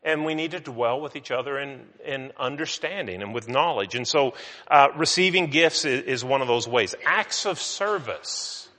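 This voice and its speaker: A man's voice: medium pitch, animated, normal speed, bright, forceful tone. A middle-aged male pastor giving a sermon in a conversational, storytelling way with self-mocking humor. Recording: reverberant hall.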